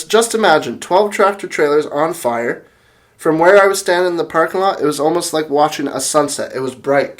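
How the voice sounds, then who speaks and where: A young man hosting a casual video, retelling a chaotic story in a rambling, excitable way with many restarts and fillers, reading quotes from his notes. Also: on the high side. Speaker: music channel host.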